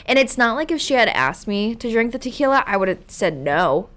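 A woman's voice: a little high, big pitch swings, normal speed, a bit bright. A woman hosting a podcast, telling stories in casual chat and acting out other people's lines bluntly. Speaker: podcast host.

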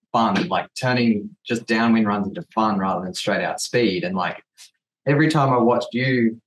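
A man's voice: lowish voice, low-quality recording. A man, a guest from a gear company, asking long rambling questions in casual chat. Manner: rambling, searching questions with restarts.

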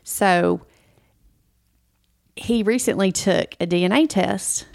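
A woman co-hosting a podcast tells a story in a relaxed, chatty way, stopping and restarting her sentences often. Her voice has a gravelly edge. The sound is dry and close. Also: medium pitch, takes it slowly, dry recording. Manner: emotional, storytelling, many restarts. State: close to tears. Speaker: podcast co-host. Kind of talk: casual chat.

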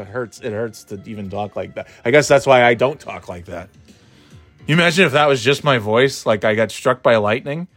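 Male solo podcaster, casual rambling chat, mid-pitched, offhand, sighs between thoughts. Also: fairly quick, fairly bright tone, no echo, faint music behind. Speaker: podcast host. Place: at home.

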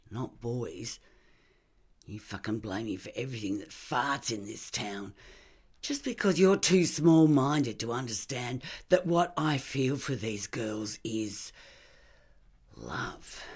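A bitter young suspect snaps and mutters from a hospital bed in a slow, husky drawl, voiced by a storybook reader. His hostility sits just under every word. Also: mid-range voice, a little mellow, full character voice. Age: young adult.

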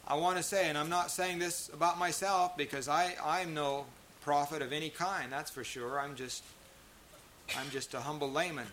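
A pastor preaching a sermon to a congregation, emphatic and full of rhetorical questions. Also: male voice, fairly high pitch, steady tone, moderate pace, fairly bright tone, slight background noise. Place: church meeting.

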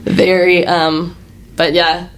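A woman's voice: fairly low pitch, little pitch movement, slow pace, over music. A young woman, a chef and podcast guest, telling stories in a chatty way with lots of fillers and laughter. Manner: chatty storytelling, frequent "like" and laughter. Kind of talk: casual interview chat.

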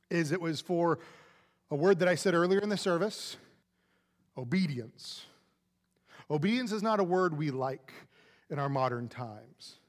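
A male pastor preaching a sermon in a conversational, animated way, acting out quoted lines. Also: a little high.

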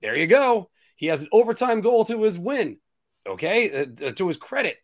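A man hosting a casual sports talk show, ranting opinions in an animated way. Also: high voice, normal speed. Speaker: podcast host.

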